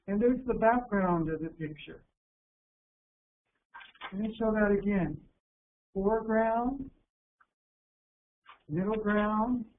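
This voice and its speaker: A man from the United States giving an instructional workshop talk to teachers, calm and deliberate, slowing down to stress key words. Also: high voice. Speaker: teacher educator presenting a workshop. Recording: narrow phone-like sound with faint hiss.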